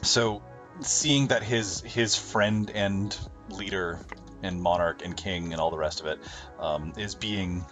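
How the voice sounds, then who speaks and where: A man's voice: low voice, slow, a bit bright, faint music behind. A man describing his character in a tabletop role-playing game, hesitant and rambling with many fillers. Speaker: player.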